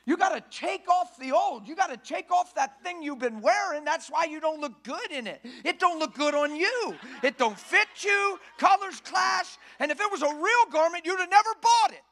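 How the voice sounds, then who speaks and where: A male preacher with a strikingly high voice delivers a sermon in a church. His tone is bright and forceful, and his delivery is folksy and emphatic, swelling into shouts. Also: expressive, normal speed, few pauses.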